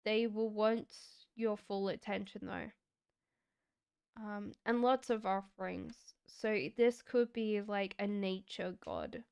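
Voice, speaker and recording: A woman doing a live-stream tarot reading, talking in a slow, reflective, chatty way and giggling now and then. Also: mid-range voice, fairly even intonation, gravelly, a little mellow, smooth, dry recording. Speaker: tarot reader.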